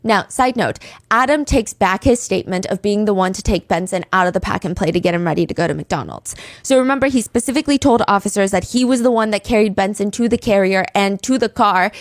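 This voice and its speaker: A woman's voice: a little high, no echo. A woman hosting a podcast, telling a true-crime story with blunt, sarcastic commentary into a close mic. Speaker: podcast host.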